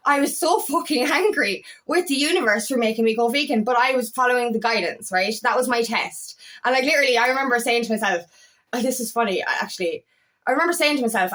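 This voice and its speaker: A woman, a spiritual coach talking casually to camera, emphatic and animated, swearing freely. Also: on the high side. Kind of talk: casual monologue.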